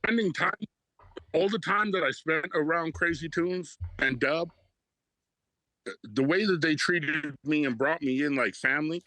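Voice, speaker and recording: A middle-aged Canadian-raised man, a rapper guest telling stories in a casual interview, rambling and excited, swearing freely. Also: a little high, unhurried, no room sound, low-quality recording.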